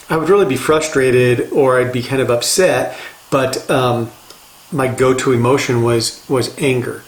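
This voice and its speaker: Older man coaching in an echoey room. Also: mid-range voice. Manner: earnest, conversational, repeats phrases for emphasis. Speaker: life coach. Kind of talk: motivational talk.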